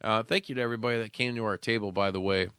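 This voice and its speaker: A man co-hosting a wrestling podcast in a studio, chatting casually, rambling and cursing freely, now and then breaking into loud goofy shouts. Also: on the low side, fairly even intonation, very fast, smooth, no echo. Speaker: podcast co-host. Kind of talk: casual chat.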